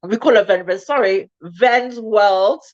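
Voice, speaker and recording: A woman's voice: medium pitch, unhurried, a little mellow, muffled recording. Chatty woman eating on a stream. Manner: chatty, talks while eating with mouth full. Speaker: co-host. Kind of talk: casual live stream chat.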